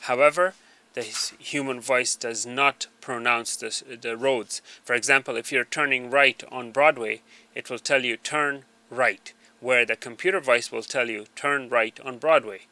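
Male tutorial voice-over, hesitant with many fillers, bright mid-pitched tone, small desk mic. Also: fairly even intonation, normal speed, no room sound. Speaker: tutorial narrator. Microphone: small desk microphone.

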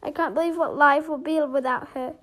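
A woman's voice: high voice, fairly even intonation, fairly quick, fairly bright tone. A woman playing the lead in her own game role-play story, talking in an emotional, dramatic way. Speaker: storyteller and main character.

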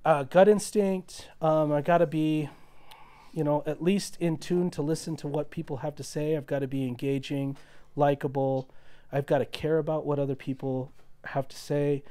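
A man's voice: on the high side, steady tone, normal speed, dark tone. A man in casual podcast chat, telling a long story and acting out the quotes. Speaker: podcast guest.

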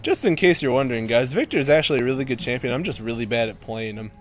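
A young man commentating his own gameplay, excitable, swearing and shouting at teammates. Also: mid-range voice, fast, a little hiss or hum.

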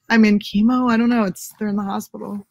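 A woman in her thirties chatting as a comedy guest, playful and quick to laugh, drawing out her jokes. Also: mid-range voice, level tone, darkish tone, no room sound. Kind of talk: casual chat.

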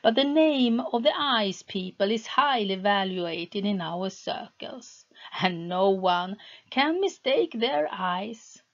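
A woman voicing an old, toothless witch who talks in a calm, knowing way in a storybook reading. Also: mid-range voice, takes it slowly, muffled recording. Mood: welcoming.

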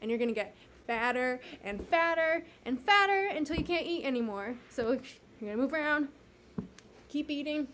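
A woman teaching young children at home, walking them through a movement game and a science activity in a gentle, encouraging way that sometimes loses its place. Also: sits high, expressive, moderate pace, slight background noise. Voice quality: gentle, encouraging, occasionally losing her place. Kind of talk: children's lesson, talking to camera. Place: home with a carpet.

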